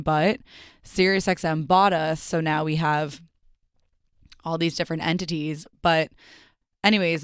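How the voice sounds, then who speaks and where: Brief: young woman, solo podcast host, smooth and dry, swears freely, rambling stories. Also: sits low, dry recording. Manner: chatty, profane, storytelling with asides. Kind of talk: casual solo podcast monologue. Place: radio studio.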